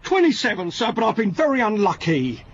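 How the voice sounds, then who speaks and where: A man's voice: sits high, sing-song, brisk, slight background noise. A man playing an earnest detective sergeant who pleads his case and sulks when refused, in a period radio comedy-drama. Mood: pleading. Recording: dull radio broadcast.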